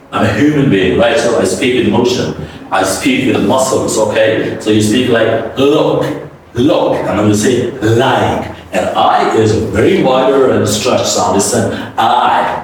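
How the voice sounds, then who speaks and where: Male pronunciation coach, slow and deliberate, mic far off in a boomy room. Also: heavy reverb, a little hiss or hum. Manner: drills words aloud, coaxing with frequent "okay?". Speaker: English pronunciation teacher. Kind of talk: classroom pronunciation lesson.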